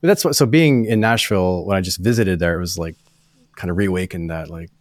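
A man, a guest musician, talking in relaxed, agreeable casual chat. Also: low-pitched, fairly quick, dry recording.

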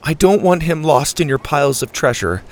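A man voicing a brave young girl, high and urgent. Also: animated, normal speed, close to an everyday voice. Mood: pleading.

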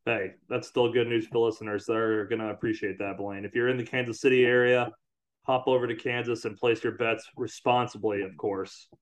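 A man hosting a casual sports podcast, easygoing and quick to laugh. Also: mid-range voice, little pitch movement. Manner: easygoing, laughs often, wraps up the show. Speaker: podcast host.

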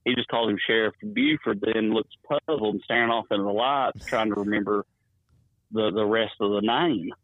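A wrestling promoter, telling stories in a rambling, chuckling way while calling in to an interview. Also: male voice, on the low side, normal speed, dry recording. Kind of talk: phone-in interview storytelling. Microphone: phone. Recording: tinny dry phone line.

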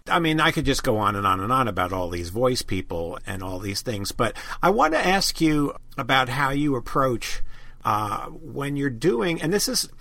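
A man's voice: medium pitch, pushed and bright, dry recording. A man hosting an interview, asking long, enthusiastic, rambling questions. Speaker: podcast host.

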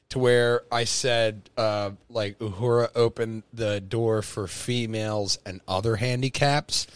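Lively, bright-voiced podcast host. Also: male voice, medium pitch, clear, resonant tone, dry recording. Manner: animated, swears freely, loud bursts when excited. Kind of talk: casual podcast chat.

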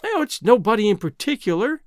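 A man's voice: high-pitched, sing-song, a little fast, dry recording, studio quality, voice pushed up. A man voicing a proud, teasing young woman. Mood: gentle. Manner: lightly reproving, coolly gentle.

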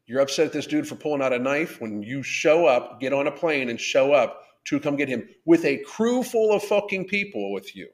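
A man's voice: fairly high pitch, expressive, normal speed, few pauses. Blunt, profane man ranting on a live show. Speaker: podcast host. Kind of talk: live-stream rant reading chat.

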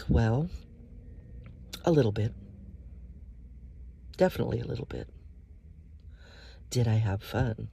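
A woman talks through her own podcast in a close, casual monologue. Her voice is soft and breathy and often sinks into whispers. She speaks slowly, with a mellow, relaxed tone and a faint hiss behind her. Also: extremely low pitch. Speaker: podcast host.

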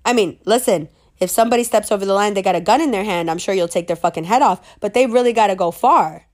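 A woman's voice: mid-range voice, fast, a little mellow. A woman ranting casually to camera, brash and sassy, swearing freely and laughing at her own jokes.

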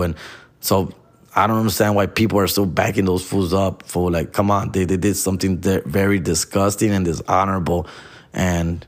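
Los comedian, lower voice, heated slangy rant with Spanish mixed in. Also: male voice, fairly even intonation, brisk. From Los Angeles. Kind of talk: profane casual rant.

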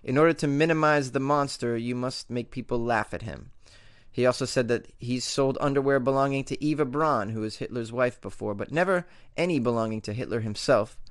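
A man hosting a comedic news podcast, reading odd stories in a joking, sarcastic way and laughing between lines. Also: medium pitch.

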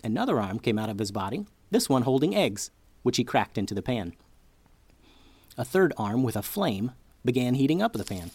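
A man's voice: mid-range voice, sing-song, moderate pace, a little mellow, breathy edge. A man hosting a children's story podcast who narrates expressively, like a storyteller for kids.

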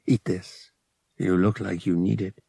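A calm young man murmurs reassurance, as a male narrator voices him. He speaks low and quietly in a husky, gravelly tone, with a dry and close sound. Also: unhurried, no room sound, exaggerated voice. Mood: soothing. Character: caring young man, quiet and steady comforter.

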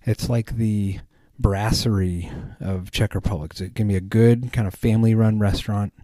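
A man's voice: on the low side, fairly even intonation, normal speed, dark tone, no echo. A man hosting a podcast, chatting casually in a rambling way with many ums and restarts. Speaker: podcast host. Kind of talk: casual chat.

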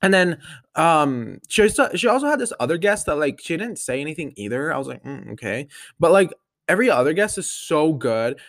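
A nineteen-year-old man hosting his own podcast, chatting casually in a gushing way with lots of fillers and sudden excited jumps in pitch. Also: fairly quick, dry recording. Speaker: solo podcast host. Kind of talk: casual chat.

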